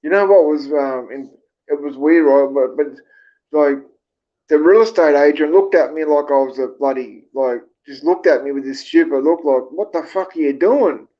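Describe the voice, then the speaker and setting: A man with an Australian accent hosts a casual livestream, his fairly high voice moving at a moderate pace with the highs cut off. He rambles with plenty of fillers and swears freely while reading viewer comments.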